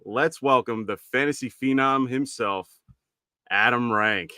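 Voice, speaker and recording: A man co-hosting a podcast, introducing a guest in a relaxed, upbeat way. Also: mid-range voice, measured pace, clean tone, dry recording, studio quality. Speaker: co-host. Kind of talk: casual podcast chat.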